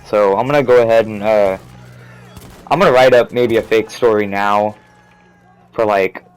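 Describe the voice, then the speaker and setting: A man's voice: on the low side, fairly even intonation, moderate pace, clear, resonant tone, rough recording. A young man telling a storytime in a profane, rambling, angry rant, swearing constantly and restarting his sentences. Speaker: vlogger.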